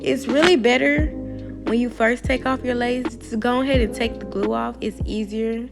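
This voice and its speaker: A young woman talks viewers through a wig-care tutorial in a relaxed, slangy voice-over, speaking to them as y'all. Her voice sits a little high and carries a gravelly fry. Loud music plays underneath. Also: normal speed, low-quality recording. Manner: chatty, informal slang, addresses viewers as y'all. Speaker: beauty vlogger.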